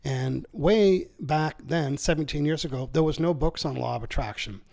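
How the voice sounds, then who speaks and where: A Canadian man, an author and seminar speaker, explains his ideas in an interview with energetic, persuasive delivery, acting out quotes. His voice is a little high and gravelly.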